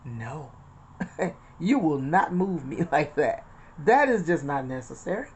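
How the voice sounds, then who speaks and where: A woman's voice: sits low, big pitch swings, takes it slowly, darkish tone. A middle-aged woman hosting a casual spiritual talk, chatty and full of retold conversations and scripture. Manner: chatty, repeats phrases, quotes scripture and retells conversations. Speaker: inspirational channel host.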